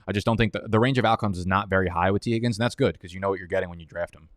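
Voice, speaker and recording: A man's voice: sits low, very fast, no echo, clean studio sound. A man hosting a live fantasy football draft stream, talking in a profane, heated, rambling way.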